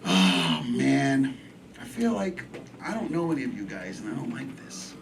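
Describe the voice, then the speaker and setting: A man's voice: mid-range voice, big pitch swings, measured pace, vocal fry, a little hiss or hum. A man with a New York accent doing stand-up, brashly teasing people in the audience. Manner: brash, teasing, riffs with the crowd. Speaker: stand-up comedian. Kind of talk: stand-up crowd work. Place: comedy club. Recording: live club set, far mic, loud crowd.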